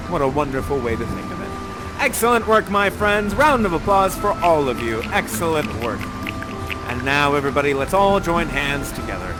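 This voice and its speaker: A man's voice: a little high, big pitch swings, normal speed, poor audio. A man acting and hosting an interactive Shakespeare show, reciting verse and cheering on his audience in an effusive, encouraging way, on a headset mic with music behind. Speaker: actor and host of an interactive theater show.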